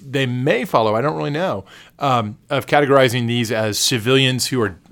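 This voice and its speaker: A man co-hosting a casual podcast, picking his way through legal analysis. He hedges and restarts often, stacking fillers as he searches for the right term. His voice sits at an ordinary middle pitch. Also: fairly bright tone. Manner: hesitant, many fillers and self-corrections; analytical, measured legal commentary. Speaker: podcast co-host.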